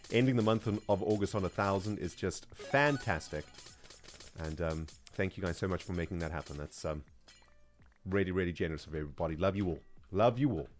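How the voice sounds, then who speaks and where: A man chatting casually on his livestream, self-mocking and chatty, with plenty of fillers. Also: sits low. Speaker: streamer.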